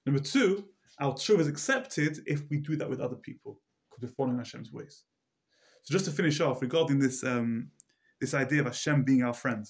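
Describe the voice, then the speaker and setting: Animated male Torah teacher. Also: mid-range voice, brisk. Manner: repeats words, many fillers, animated storyteller. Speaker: religious teacher. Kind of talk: Torah class storytelling.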